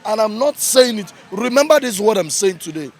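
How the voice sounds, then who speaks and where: A man's voice: sits high, lively intonation, fairly quick, some chatter behind. A man with a Nigerian accent giving angry street commentary, heated and repetitive for emphasis. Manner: heated, ranting, repeats points for emphasis. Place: outdoors in a busy urban street.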